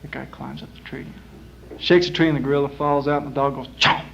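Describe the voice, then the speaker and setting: A man telling jokes on stage in a small lounge, in a rambling, folksy way with many pauses and uhs. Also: medium pitch, flat delivery, gravelly, slight background noise. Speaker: performer. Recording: muffled 1960s live club tape.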